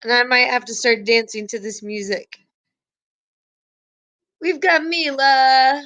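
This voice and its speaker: A woman's voice: high-pitched, takes it slowly, pushed and bright. A woman teacher chatting with her class and reading quiz questions aloud in a live online review.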